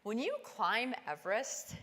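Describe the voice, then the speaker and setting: A woman giving a keynote talk, telling a climbing story and acting out the dialogue with lively, animated delivery. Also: unhurried. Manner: animated, acts out dialogue with big pitch jumps. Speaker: keynote speaker. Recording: long hall reverb.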